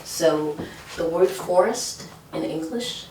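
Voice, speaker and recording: A woman's voice: low voice, slow pace, noisy background. A woman teaching French pronunciation, explaining patiently and often checking in with "okay?". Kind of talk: whiteboard language lesson. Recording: echoey room from far off.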